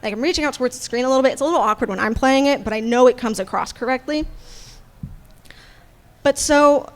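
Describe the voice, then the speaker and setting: A woman game master speaking on a convention panel in an animated, casual way, swearing freely. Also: high-pitched, fast.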